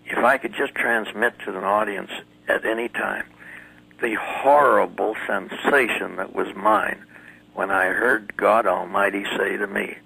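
A man's voice: lowish voice, fairly even intonation, a little slow, creaky, pushed and bright, breathy edge, low-quality recording. A man giving earnest testimony as an interview guest, telling his story vividly and dramatically. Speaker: guest recounting a near-death experience.

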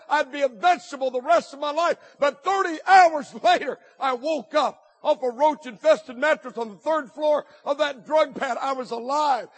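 A man preaching a sermon, telling his own testimony and calling out to the congregation with rising shouted appeals. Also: big-room sound. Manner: rising to shouted exhortation, drops low to tell the story.

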